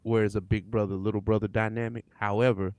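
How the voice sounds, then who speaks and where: Low-voiced podcast host, dry sound. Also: male voice, level tone, fast, a little mellow, no echo. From St. Louis area. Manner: laid-back, laughs often, talks things through. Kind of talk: casual chat.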